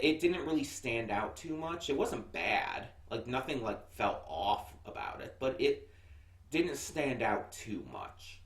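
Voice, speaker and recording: A man's voice: on the high side, fairly bright tone. American guy rambling through a review, lots of ums, echoey room, mic kinda far. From United States. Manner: chatty, rambling with many fillers and restarts. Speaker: anime reviewer. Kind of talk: casual first-impressions review.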